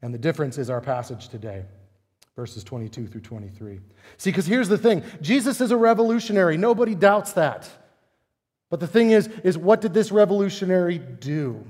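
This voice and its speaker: A male pastor preaching a sermon, animated and emphatic, with many rhetorical questions. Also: sits high, fairly quick, in a large hall.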